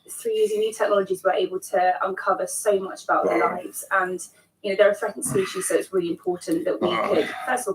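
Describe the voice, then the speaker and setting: A woman's voice: mid-range voice, far from the mic, slight background noise, poor audio. A woman wildlife filmmaker answering interview questions in an enthusiastic, explanatory way.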